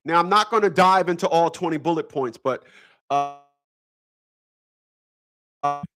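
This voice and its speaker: A man's voice: a little high, a little slow. A man hosting a casual livestream talk, rambling, repeating himself and breaking into laughter. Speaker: channel host.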